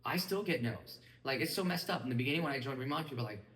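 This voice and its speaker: A man giving an energetic motivational training talk to a live group, often checking that his listeners follow him. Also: medium pitch, very fast. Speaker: business mindset trainer. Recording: echoey room, mic at a distance.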